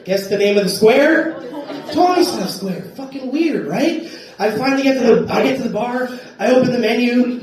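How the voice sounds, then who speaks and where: A man's voice: extremely high pitch, normal speed, recorded from a distance, noisy background. American man doing stand-up in an echoey club. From United States. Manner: storytelling with frequent "right?" tags, loud shouted punchlines. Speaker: stand-up comedian. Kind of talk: live stand-up set. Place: comedy club stage. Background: audience laughter.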